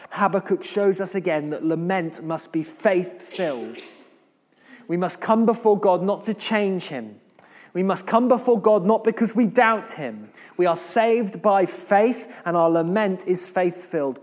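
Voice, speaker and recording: Slow, deliberate preacher in an echoing hall. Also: male voice, a little high, darkish tone. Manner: slow, deliberate delivery with dramatic rises and drops in volume. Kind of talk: sermon with scripture reading. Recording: long hall reverb.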